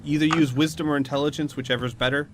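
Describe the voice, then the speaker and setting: A man's voice: a little high, steady tone, fast talker, fairly bright tone, slight background noise. Chatty man narrating as game master. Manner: descriptive, chatty, laughs easily, explains rules. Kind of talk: narrating a tabletop role-playing game.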